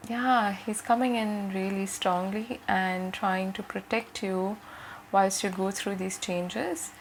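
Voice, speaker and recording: A woman giving a gentle, reassuring tarot reading to her viewers, often checking in with "okay?". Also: medium pitch, slight background noise, poor audio. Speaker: tarot reader.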